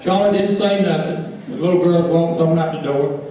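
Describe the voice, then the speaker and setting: A man telling a folksy story to a live crowd, animated and laughing as he goes. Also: a little high, moderate pace, a little hiss or hum. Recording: echoey hall from far off.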